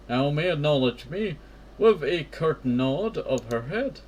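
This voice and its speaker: A man's voice: fairly high pitch, expressive, measured pace, a little mellow, slight background noise, low-quality recording. A man playing a story game and reading its text aloud, correcting himself and throwing in offhand asides. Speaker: gamer.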